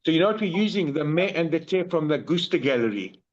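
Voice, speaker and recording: A man's voice: fairly high pitch, quick pace, dull audio. Slangy South African male Spanish tutor. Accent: South African English. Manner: slangy and animated, calls people bro. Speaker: Spanish teacher. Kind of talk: casual one-on-one tutoring.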